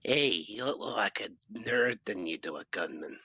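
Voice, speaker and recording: A man's voice: fairly low pitch, expressive, normal speed, gravelly, bright, forceful tone, husky, no echo, highs cut off. A man joking and laughing through a casual movie commentary with friends. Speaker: commentary group member.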